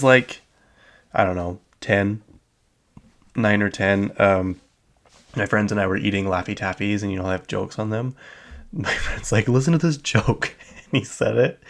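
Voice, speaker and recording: A man's voice: lowish voice, creaky, a bit bright. A young adult man hosting a solo podcast, chatting casually and rambling with lots of filler words and small laughs. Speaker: podcast host.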